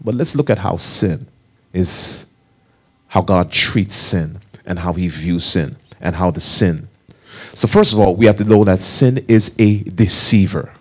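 A man delivers a sermon in a somewhat low voice. He drives his points home by repeating key phrases and asking his listeners questions. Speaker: preacher.

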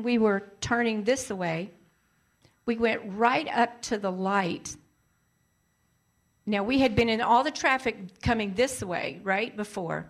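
A woman telling a personal story in a casual, animated way, repeating lines for emphasis. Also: medium pitch.

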